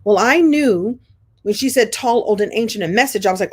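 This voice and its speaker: A middle-aged woman from Brooklyn with congested sinuses, telling a story to her program group in an animated, chatty way, clearing her throat often. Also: a little high, a little fast. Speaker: host of a coaching program. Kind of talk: casual storytelling to an online group.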